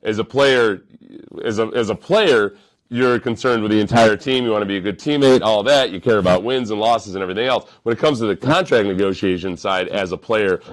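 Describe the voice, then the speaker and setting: Deep-voiced host, wry reaction talk, thinks out loud, restarts a lot. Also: male voice. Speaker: sports podcast host. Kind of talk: casual reaction commentary.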